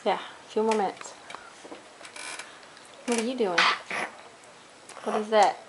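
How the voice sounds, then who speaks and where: A woman's voice: medium pitch, takes it slowly, heavy background noise. A woman filming her young children at home on a handheld camera, cooing and teasing them in a casual family vlog. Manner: playful, cooing and teasing talk to young kids.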